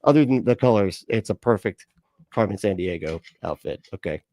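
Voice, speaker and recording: A lowish male voice, close and dry with no room sound, reacting to videos on a livestream. He is sarcastic and swears freely, laughing at what he watches and chatting with his viewers. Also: expressive, fairly quick, warm tone, no room sound. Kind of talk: casual livestream reaction and chat.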